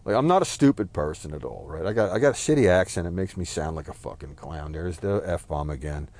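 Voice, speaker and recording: A man's voice: sits low, lively intonation, fairly quick, darkish tone. A man talking through a rambling, self-deprecating personal monologue, swearing now and then and apologizing for it.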